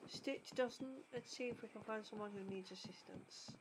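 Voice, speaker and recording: A woman's voice: mid-range voice, normal speed, background noise. A middle-aged woman streaming a game, rambling casually, swearing and reading game text aloud. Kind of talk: casual gameplay commentary.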